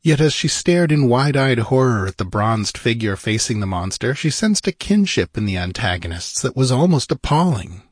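A man narrating an audiobook in a measured, grave manner with a husky voice. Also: on the low side, no room sound, studio quality.

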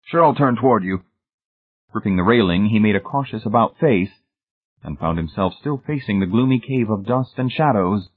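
A man reading a suspenseful story aloud in a measured, scripted narration, heard over a tinny, phone-like recording. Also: lowish voice. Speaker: audiobook narrator.

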